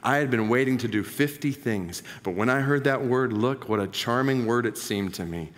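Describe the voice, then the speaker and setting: A man's voice: mid-range voice, normal speed, fairly bright tone. Earnest male preacher in a reverberant hall. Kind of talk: sermon, reading a quoted story aloud.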